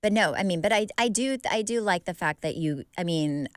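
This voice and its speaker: A woman's voice: on the low side, animated, brisk, clear, resonant tone, dry recording, studio quality. A woman co-hosting a podcast in casual chat, talking in long rambling runs with many restarts. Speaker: podcast co-host.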